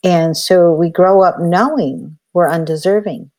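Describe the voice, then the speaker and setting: A woman's voice: lowish voice, measured pace, a little mellow. An older woman, a healer and elder, telling a personal story in a reflective, conversational way with frequent "you know" fillers.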